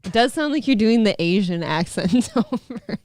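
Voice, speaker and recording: A woman's voice: medium pitch, animated, moderate pace, a little mellow, no room sound, studio quality. A woman co-hosting a morning talk stream, teasing her co-host and laughing often in casual banter. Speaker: podcast co-host.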